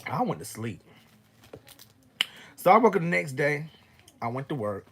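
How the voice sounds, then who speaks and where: Man, casual storytelling, animated and profane, wide swings in pitch, husky voice. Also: unhurried. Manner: animated, profane, acts out both sides of an argument. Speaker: vlogger telling a personal story.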